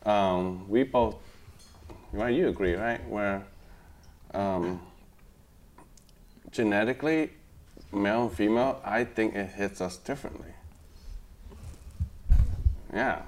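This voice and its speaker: A man's voice: on the low side, slow, pauses often. A man in casual chat, sharing opinions in a musing way with slightly broken grammar.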